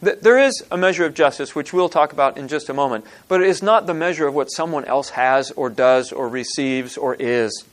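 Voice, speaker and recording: A man preaching a sermon, retelling a parable with animated storytelling and acting out the characters' lines. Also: fairly high pitch, a little fast, few pauses. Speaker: pastor.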